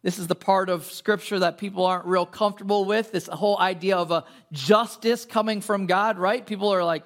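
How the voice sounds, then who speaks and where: A man's voice: high-pitched, fairly even intonation, fairly quick, few pauses. A male pastor preaching a conversational sermon, telling stories and asking rhetorical questions. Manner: asks many rhetorical questions; casual and storytelling, with fillers.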